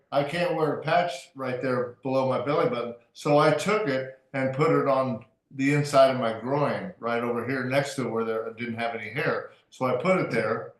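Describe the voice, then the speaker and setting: A man of medium pitch tells his personal story in a halting way, stumbling over his words and joking at his own expense. His voice sounds roomy, as over a video call. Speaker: guest on a team call. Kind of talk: personal testimonial.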